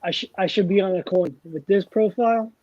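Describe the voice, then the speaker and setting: A man's voice: sits high, a little fast, no echo. A man with a New Jersey accent co-hosting a casual live-stream chat, crude and joking and swearing freely. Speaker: co-host. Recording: dull, dry lo-fi sound.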